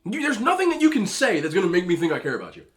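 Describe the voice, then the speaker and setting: A man's voice: high-pitched, wildly swooping pitch, very fast, fairly bright tone. A man hosting a mukbang, giving opinionated casual rants while he eats and talks with his mouth full. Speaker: mukbang host. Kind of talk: casual ranting while eating.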